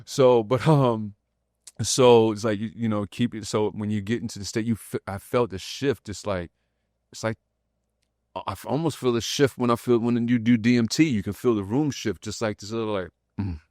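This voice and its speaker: A man hosting a podcast, telling a personal story in a loose, slangy, animated way and acting out the voices in it. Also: on the low side, normal speed, dry recording, clean studio sound. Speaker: podcast host. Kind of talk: casual conversation.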